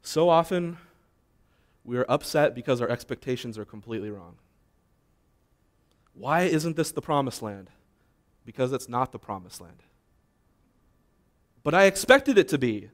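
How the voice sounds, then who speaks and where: A man's voice: medium pitch, expressive, a little slow, long pauses. Man preaching a conversational sermon. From United States. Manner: conversational preaching, voices imagined complaints. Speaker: pastor.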